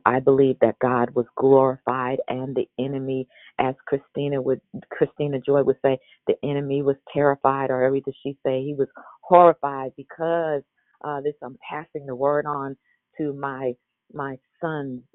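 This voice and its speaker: A woman's voice: a bass voice, no echo. An older woman hosting a live devotional, teaching expressively with lots of vocal inflection. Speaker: devotional host. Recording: tinny phone-like line.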